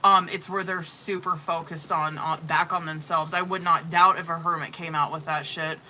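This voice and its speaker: A woman's voice: deep voice, level tone, moderate pace, bright, forceful tone, slight background noise, poor audio. A woman running a live-streamed tarot reading in a casual, rambling way, with heavy swearing, many fillers and exasperated asides. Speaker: tarot reader.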